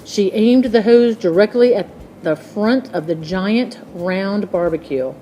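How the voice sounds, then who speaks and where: A woman reading a children's book aloud in a slow, expressive storytelling manner. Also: medium pitch, faint music behind.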